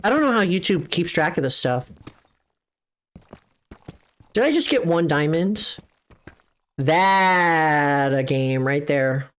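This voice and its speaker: A young woman streaming a game live, chatting casually with her viewers, excitable and swearing, often jumping into high squeals. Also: slow, long pauses.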